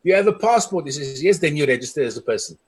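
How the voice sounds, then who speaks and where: A middle-aged South African community leader gives an impassioned speech, earnestly telling stories and quoting people he met. His voice is on the high side, expressive, husky and darkish in tone, and he speaks very fast.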